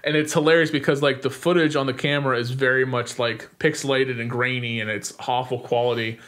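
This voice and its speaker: Young man animatedly recapping a movie. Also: mid-range voice. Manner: animated retelling with frequent "like" fillers and quick acted-out lines. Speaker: podcast co-host.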